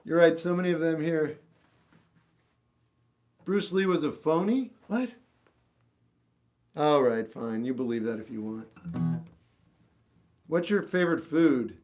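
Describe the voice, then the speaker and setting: A man with a slightly high voice chats casually on a livestream from his room at home. He answers viewers bluntly and with strong opinions, speaking off the cuff. Faint music plays behind him. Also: takes it slowly, pauses often, darkish tone. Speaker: livestream host answering chat. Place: home room with a record collection.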